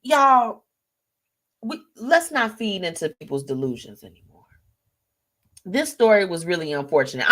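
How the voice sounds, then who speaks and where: Animated laughing woman show host. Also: fairly low pitch. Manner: animated, laughing, addresses audience as y'all and baby. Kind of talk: live show commentary reading viewer comments.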